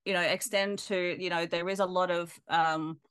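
A woman with an Australian accent, a film lecturer speaking in a casual interview, thoughtful and often pausing to search for words. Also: fairly low pitch, fairly even intonation, fairly bright tone, clear, resonant tone.

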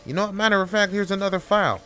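A man's voice: high-pitched, quick pace, sharp tone, soft background music, pitched above the performer's own voice. A man voicing a demanding, condescending male office manager who belittles his worker. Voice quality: pushy and belittling, keeps getting the worker's name wrong.

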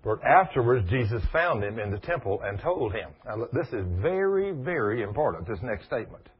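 A man preaching a sermon with animated delivery, turning to speak to people in the room as he goes. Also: medium pitch, a little fast, breathy edge. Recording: dull lo-fi recording.

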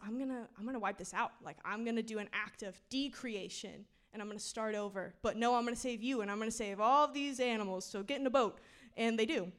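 A young woman giving a casual, slangy sermon, chatty and laughing often. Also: medium pitch. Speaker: preacher.

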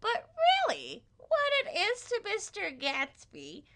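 A woman's voice: huge pitch swings, slow pace, bright, forceful tone, a little hiss or hum, heavily acted. A woman doing a pompous English teacher. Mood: grandiose. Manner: lecturing, strained high voice. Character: earnest, pompous high school English teacher.

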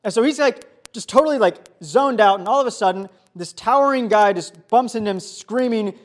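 A man's voice: high-pitched, brisk, hardly any pauses. Casual young man preaching to youth. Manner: casual, animated storyteller with many fillers. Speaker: youth pastor. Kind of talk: youth sermon storytelling.

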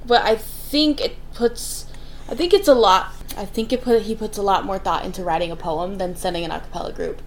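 A young woman co-hosting a podcast reacts to a movie in a brash, profane, mocking way. Her medium-pitched voice is brisk, with slight background noise in the recording.

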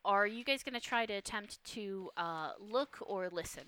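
Bright-voiced woman game master. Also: mid-range voice, moderate pace, a little hiss or hum. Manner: relaxed, hesitant narration with many fillers. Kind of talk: narrating a tabletop game.

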